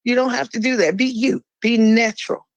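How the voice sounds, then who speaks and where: A woman speaking as a guest in a podcast conversation, blunt and fiery. She swears freely and drops suddenly into a low, slow voice for emphasis. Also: steady tone, dry recording, rough recording.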